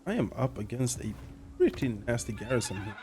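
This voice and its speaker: A man with an early-morning gravelly voice, chatting and joking casually while playing a co-op strategy game. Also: mid-range voice, huge pitch swings, a little fast, mellow. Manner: laughs often, joking and chatty. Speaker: co-op game player. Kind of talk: casual gameplay chat.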